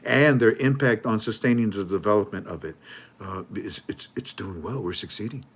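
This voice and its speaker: A man's voice: normal speed, husky. A man hosting his channel, reading news articles aloud with casual, mocking commentary and frequent laughs. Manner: joking, mocking, laughs often, acts out officials in a high voice. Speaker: host.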